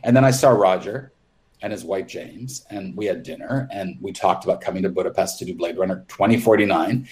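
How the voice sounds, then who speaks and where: A man's voice: deep voice, fairly quick, a little mellow. A man guest on an interview podcast, candidly recounting his film work in a rambling way with frequent restarts. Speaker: makeup artist guest. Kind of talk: casual interview storytelling.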